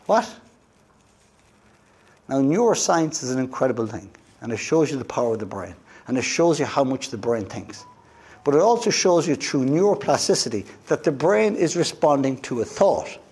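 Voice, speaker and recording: An Irish man giving a motivational talk as a guest speaker, telling a personal story in an animated way and acting out the voices of the people in it. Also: mid-range voice, moderate pace, slightly rough. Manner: animated storyteller who acts out quoted voices. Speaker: guest speaker at a wellness event.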